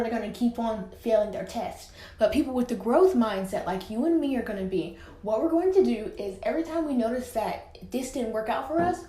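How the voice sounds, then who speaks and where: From an echoey room at home, a teenage girl hosts her own podcast, chatting casually alone with lots of filler. Her voice is warm and on the high side, and she sounds a bit out of breath.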